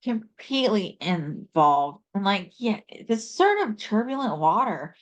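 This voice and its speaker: A woman's voice: medium pitch, big pitch swings, measured pace. A woman giving a casual, rambling tarot reading, reflective and full of asides and fillers. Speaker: tarot reader. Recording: dull lo-fi recording.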